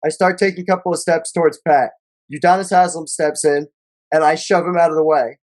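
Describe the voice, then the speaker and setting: A man's voice: on the high side, steady tone, brisk. A man co-hosting a casual sports podcast, reading stats and quotes aloud in a loose, profane way. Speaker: podcast co-host.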